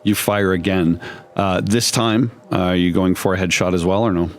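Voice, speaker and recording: A man narrating a horror tabletop game as game master, halting and filler-heavy but vividly descriptive. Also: low-pitched, steady tone.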